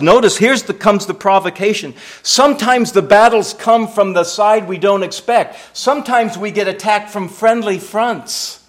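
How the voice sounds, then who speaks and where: A man delivering a sermon as pastor, emphatic and repetitive, asking rhetorical questions. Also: high-pitched.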